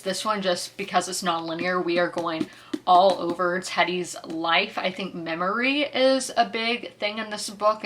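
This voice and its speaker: A woman's voice: on the low side, fairly bright tone. A woman book vlogger talking casually about her reading in a chatty, rambling way, often correcting herself. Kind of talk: casual chat.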